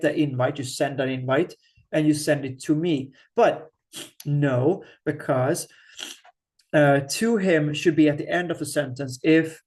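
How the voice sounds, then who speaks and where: Slow, patient male language teacher. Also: fairly high pitch. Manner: thinks aloud, slow and patient, frequent restarts. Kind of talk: screen-share grammar lesson.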